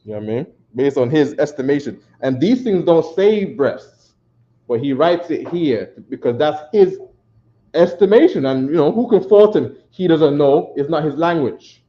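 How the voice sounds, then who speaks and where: A man's voice: fairly high pitch, expressive, moderate pace, mellow. A man with a New York accent teaching a classroom lecture, talking loosely and repeating himself, often checking with "right?". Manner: repetitive, conversational, checks with "right?". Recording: echoey room, dull lo-fi sound.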